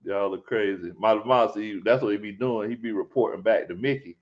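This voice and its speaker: A man's voice: lowish voice, a little fast, dull audio. A man hosting a casual sports talk livestream, reading viewer comments and laughing often. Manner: animated, laughs often, playful slang. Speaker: sports talk show host.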